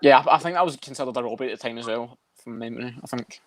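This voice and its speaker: A man's voice: medium pitch, no echo. A man co-hosting a podcast, chatting casually and bluntly about fights with plenty of swearing. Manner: rapid, swears a lot, blunt. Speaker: podcast co-host.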